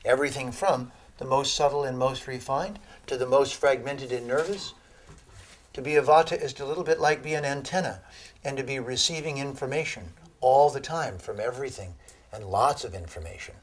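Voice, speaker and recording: A man giving a lecture on Ayurveda to an audience, telling animated stories and laughing at his own jokes. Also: medium pitch, normal speed. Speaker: Ayurveda teacher.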